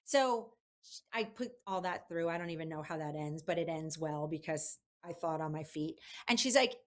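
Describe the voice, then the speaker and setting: A woman guest in a casual interview, telling an animated story with lots of fillers. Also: low voice, moderate pace. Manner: chatty, animated, many fillers. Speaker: guest, publicist.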